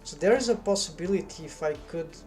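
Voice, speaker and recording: A man's voice: fairly high pitch, fast, darkish tone, faint music behind. A man streaming his 3D modeling work, thinking aloud in hesitant, half-finished remarks.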